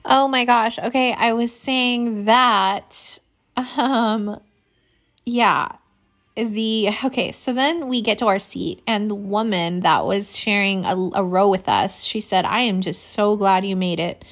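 A woman's voice: medium pitch, takes it slowly, fairly bright tone. A woman telling a heartfelt personal story as a mother, emotional and laughing often, with many restarts.

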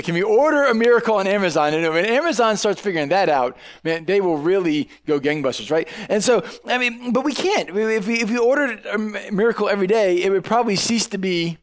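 High-voiced man preaching a casual sermon. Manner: conversational, frequent "right?" tags and restarts. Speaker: pastor.

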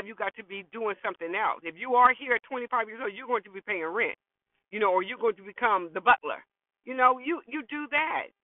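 A middle-aged female host delivers a motivational monologue, blunt and preachy, repeating her points for emphasis. Her voice sits on the high side, captured in dry, phone-like lo-fi audio.

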